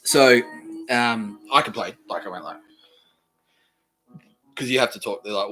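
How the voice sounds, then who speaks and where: A man's voice: on the low side, measured pace, pauses often, fairly bright tone, soft background music, poor audio. A man from Australia, hosting a podcast, telling a rambling story in a casual, profane way, laughing often and acting out the people he quotes. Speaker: podcast host.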